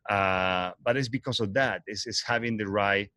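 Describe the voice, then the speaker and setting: A man's voice: fairly low pitch, moderate pace, pushed and bright, clear, resonant tone, no echo. Earnest, rambling man. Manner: earnest, rambling with restarts and self-corrections. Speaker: host. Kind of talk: casual livestream talk.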